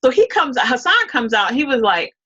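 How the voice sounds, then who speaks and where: A woman's voice: high-pitched, big pitch swings, moderate pace, sharp tone, husky, highs cut off. A woman as an interview guest, telling a story in a casual, rambling way full of restarts and quoted dialogue.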